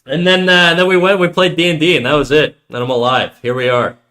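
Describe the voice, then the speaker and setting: A man live streaming, telling a story to his chat in a casual, animated and profane way. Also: on the high side, a little fast.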